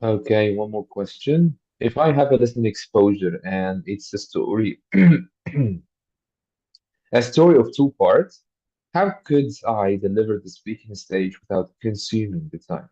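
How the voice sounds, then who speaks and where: A man's voice: lowish voice, measured pace, mellow, no echo, highs cut off. A man moderating an online conference session, keeping his remarks brief and reading audience questions aloud.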